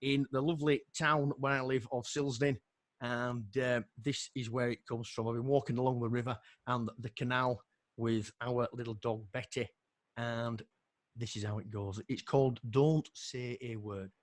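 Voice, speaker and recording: Man, Yorkshire accent, middle-aged, poetry reading, chatty asides, even pitch. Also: moderate pace, dry recording. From northern England. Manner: rhythmic recitation, chatty asides. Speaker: poet. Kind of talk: poetry reading on a video call.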